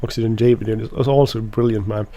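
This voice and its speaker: A man's voice: on the low side, fairly even intonation, fast, warm tone. A man whose first language is Swedish, giving rambling casual commentary while playing a farming game, with lots of restarts and fillers. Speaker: let's play host.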